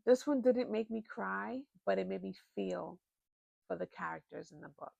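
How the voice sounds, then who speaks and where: Gravelly, unhurried woman chatting about books. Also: on the low side, no echo. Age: adult, married. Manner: chatty, expressive, lots of fillers. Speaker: book vlogger. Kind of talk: casual book recommendations.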